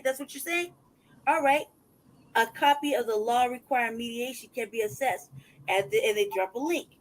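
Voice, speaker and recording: On a casual livestream, the host launches into a heated, profane torrent in a voice unusually high for a man, with a fairly bright tone. He reads documents aloud, openly mocking them, and the recording is rough.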